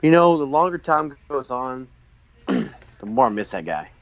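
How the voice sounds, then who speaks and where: Excitable man, lively pitch, dull recording. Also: unhurried. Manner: excitable, reacts loudly and laughs often. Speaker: podcast co-host. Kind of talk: casual watch-along chat.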